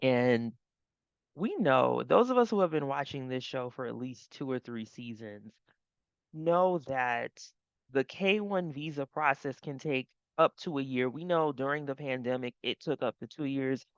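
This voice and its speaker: A woman's voice: rumbling low, expressive, measured pace, clean tone, dry recording, dull audio. A woman host recapping a reality TV episode in casual commentary, chatty and laughing often.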